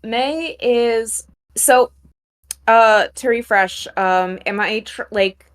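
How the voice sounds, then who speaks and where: A young woman takes her turn in a tabletop game, thinking aloud in an unhurried, halting way. Her voice sits a little high and she leans on fillers before committing to a line. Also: fairly bright tone. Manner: hesitant, filler-heavy. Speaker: player.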